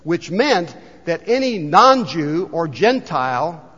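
A man's voice: fairly high pitch, very animated, a bit bright, breathy edge. Man preaching in a reverberant church. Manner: storytelling, reads book passages aloud slowly. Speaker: pastor. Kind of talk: sermon. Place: church sanctuary. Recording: long hall reverb, dull lo-fi sound.

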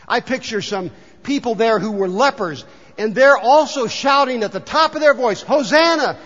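A man preaching a Sunday sermon as pastor, animated and then quietly emphatic. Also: high voice. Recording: muffled hall reverb.

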